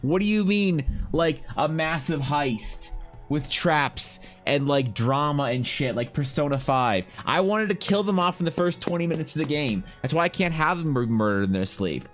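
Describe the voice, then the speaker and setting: A man's voice: fairly high pitch, lively intonation, normal speed, soft background music. A man streaming live, thinking aloud and answering his chat in a rambling, casual way.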